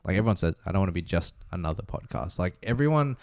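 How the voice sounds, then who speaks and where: A young man with a lowish voice, chatting easily on a podcast. He thinks aloud, circling back with "um" and "like" as he goes. The sound is close and dry. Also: fast, dry recording. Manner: relaxed, thinking aloud with fillers and restarts. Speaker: podcast co-host, business founder. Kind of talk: casual chat.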